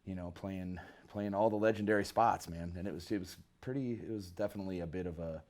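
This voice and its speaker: A man from northern Michigan, a bass player guesting on an interview, telling rambling stories in a laid-back, slangy way. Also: fast, darkish tone. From northern Michigan, USA. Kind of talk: casual storytelling interview.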